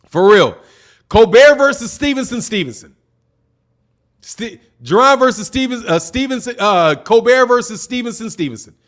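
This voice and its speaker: A man's voice: very high-pitched, animated, moderate pace, fairly bright tone. A man hosting a live boxing show, reading chat comments and bluntly mocking commenters while repeating his points. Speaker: boxing channel host.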